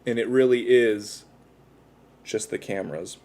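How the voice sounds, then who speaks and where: A man's voice: fairly low pitch, measured pace, darkish tone. A man chatting casually with his viewers on a livestream, rambling and self-deprecating as he talks while tattooing himself.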